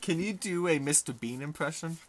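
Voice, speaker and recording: A man's voice: a little high, a little fast. A man co-hosting a casual stream, prompting his friend with questions and requests. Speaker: stream co-host.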